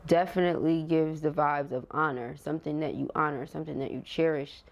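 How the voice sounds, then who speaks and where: Woman, low-pitched voice, tarot reader, casual and chatty, talks straight to viewers. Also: fairly even intonation, brisk, creaky, muffled recording. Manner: chatty, emotional, laughs often, talks directly to viewers. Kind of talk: casual tarot reading to camera.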